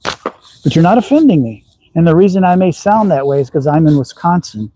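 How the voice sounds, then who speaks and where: A folksy, rambling middle-aged man from Texas with a slight Southern lilt and a few upper Midwest touches. His voice sits a bit high for a man but sounds mellow and soft-edged. He chats loosely on a livestream outdoors, filling gaps with ums. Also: lively intonation, moderate pace, no echo, low-quality recording. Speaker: slingshot channel host. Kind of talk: casual livestream chat. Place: outdoors at a backyard shooting range.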